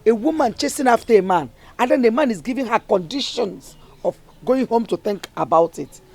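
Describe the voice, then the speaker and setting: Brief: a moralizing Nigerian mother, lively rising-and-falling delivery, earnest. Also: fairly high pitch, a little fast, vocal fry, slightly rough, full character voice. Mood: lecturing. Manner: earnest, lecturing, pleading. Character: worried, moralizing village mother. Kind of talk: Nollywood film drama.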